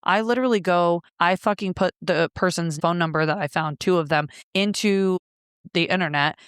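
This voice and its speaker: A woman recounts a raw personal story in a blunt, profane, emotional way. Her voice comes through smooth and clear. She is recorded close up in a dry, deadened room. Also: on the low side, normal speed, no room sound. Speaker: guest.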